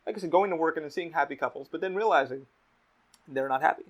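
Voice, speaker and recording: A podcast host chats casually, rambling and candid, with plenty of swearing. His voice is slightly high and he talks quickly. The audio is dull and lo-fi.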